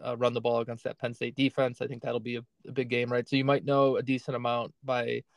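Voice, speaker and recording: A man's voice: medium pitch, little pitch movement, fast, vocal fry, no echo. Guy casually chatting on a podcast, keeps saying right? and like, dry close mic, mid voice. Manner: conversational, hedging with "right?" and "like". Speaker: fantasy football podcast co-host. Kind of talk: casual chat.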